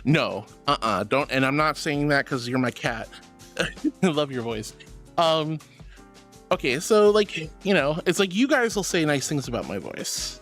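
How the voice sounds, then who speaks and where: A man's voice: a little high, animated, a little slow, a bit bright, soft background music. A bubbly, affectionate man streaming and chatting casually as he reads out viewer messages. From Florida. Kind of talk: casual chat reading messages.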